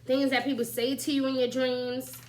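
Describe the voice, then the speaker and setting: A woman's voice: sits high, flat delivery, moderate pace, a little mellow, low-quality recording. A woman giving casual, chatty spiritual advice as an astrology reader, often asking "right?" and "you know?" and laughing lightly. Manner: laughs lightly while talking.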